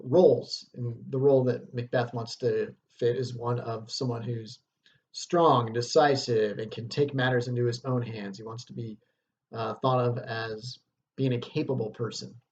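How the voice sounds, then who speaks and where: A man's voice: medium pitch, steady tone, a little slow, a little mellow, dull audio. A man teaching a lesson on a stage play, explaining scenes casually and reading passages aloud.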